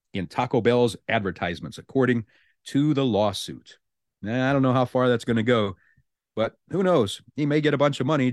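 A man's voice: medium pitch, no room sound. Chatty male radio host, dry studio sound. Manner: relaxed, chatty, amused asides. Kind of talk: morning radio talk. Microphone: studio mic.

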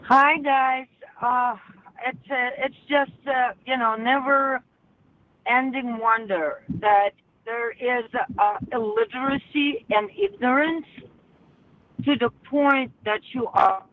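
Kobieta dzwoniąca przez telefon, wolno i z wahaniem. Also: female voice, high-pitched. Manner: halting, many fillers and restarts. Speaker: caller. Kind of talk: phone-in comment. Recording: tinny phone line.

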